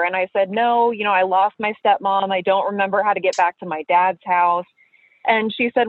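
A woman's voice: medium pitch, moderate pace, dry recording. A woman telling a personal ghost story in casual chat, acting out the people she quotes. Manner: animated, acts out quoted voices. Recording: tinny phone line.

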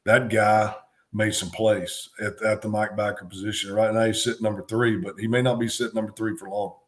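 A man's voice: lowish voice, flat delivery, brisk. A middle-aged man, a former football coach and co-host, talking sports in a casual, emphatic way, repeating phrases to drive his points home.

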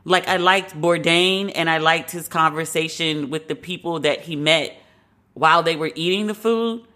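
Woman host just talking it out, bright voice, opinionated and loose. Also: sits low, normal speed. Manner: candid, opinionated, conversational. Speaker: podcast host. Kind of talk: casual opinion chat.

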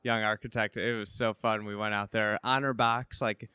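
A man hosts a relaxed interview, talking with eager enthusiasm and a steady stream of "like" and "you know". His voice is smooth and resonant, pitched somewhat low, and the recording is dry with no room sound. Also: normal speed, no echo. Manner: enthusiastic, chatty, filler-heavy. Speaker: interview host. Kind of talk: casual interview talk.

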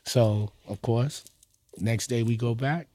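A man, a guest rapper telling animated stories in a podcast interview and acting out what people said. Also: mid-range voice, takes it slowly, slight background noise. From New York. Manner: animated storyteller who acts out quotes.

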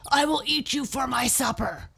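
A woman's voice: on the low side, lively intonation, measured pace, creaky. A woman voicing a huge, proud and grumpy male lion who roars and scoffs in a storybook tale. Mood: angry. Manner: loud roaring scornful.

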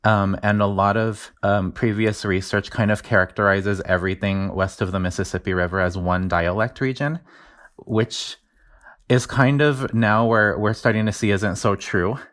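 A man from New Mexico, a linguistics professor, explaining his research in a relaxed interview with frequent fillers. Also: lowish voice, normal speed.

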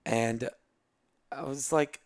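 Gravelly man in his thirties telling stories. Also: mid-range voice, steady tone, slow pace, dry recording. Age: 30s. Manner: rambling, filler-heavy with frequent 'like'. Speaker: guest. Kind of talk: candid personal storytelling.

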